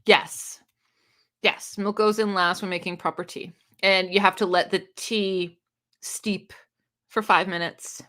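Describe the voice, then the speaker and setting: Live-stream host, woman, casual and giggly, mid-pitched, reads chat aloud and laughs a lot. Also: fairly even intonation, a little slow, fairly bright tone. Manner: giggly, chatty, often laughs and restarts.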